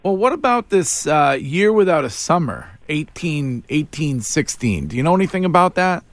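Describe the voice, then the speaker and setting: A man's voice: a little high, big pitch swings, normal speed. A man hosting a morning radio show in casual, teasing chat. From Massachusetts. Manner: jokey, teasing interviewer. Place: radio studio.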